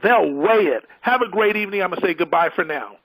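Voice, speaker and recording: A man's voice: high voice, animated, fast, a bit bright, a little hiss or hum, rough recording. A man giving a fervent motivational training talk to a sales team, acting out his prospects' doubts and joy in their own words. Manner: preachy and fervent, acts out prospects' inner voices. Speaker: business leader giving a training call.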